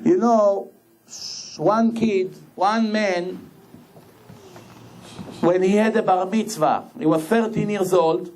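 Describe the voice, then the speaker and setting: High-voiced rabbi telling a story. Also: male voice, slow, long pauses, slight background noise. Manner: animated storyteller, repeats phrases for emphasis. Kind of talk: sermon with storytelling.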